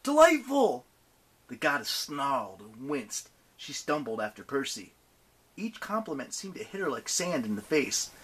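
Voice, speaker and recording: A man reading a novel aloud as an audiobook narrator, with animated, expressive delivery. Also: medium pitch, moderate pace, slightly rough.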